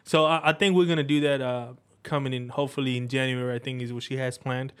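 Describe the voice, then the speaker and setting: A man from Mexico talks loosely as an interview guest, full of slang, cursing and false starts. His pitch sits in an ordinary middle range for a man, and he wanders from point to point in a relaxed, conversational way. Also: quick pace, smooth. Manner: slangy, profane, rambling with restarts. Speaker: guest, shop owner and cook. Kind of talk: casual interview chat.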